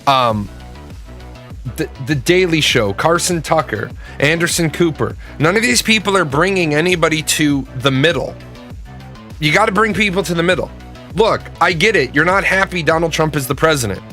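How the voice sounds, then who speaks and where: A man's voice: on the high side, expressive, moderate pace, sharp tone, faint music behind. A man giving a blunt, profane political opinion rant in a casual, emphatic way. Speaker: political commentator.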